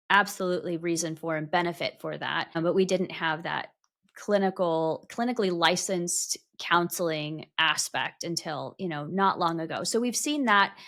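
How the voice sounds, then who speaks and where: A woman's voice: on the low side, vocal fry, a bit bright. A woman hosting a podcast interview, talking thoughtfully and rephrasing her long questions as she goes. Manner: thoughtful, self-correcting, asks long questions. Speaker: podcast host. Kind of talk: casual interview chat.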